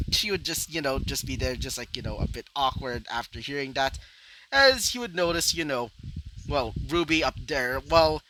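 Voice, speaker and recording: A man narrates a fan story off the cuff, rambling and stacking filler words as he goes. His voice sits somewhat high and bright and moves a great deal in pitch. Faint noise sits behind him. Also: rough recording. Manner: rambling, full of "you know" fillers. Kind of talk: improvised fan-fiction narration.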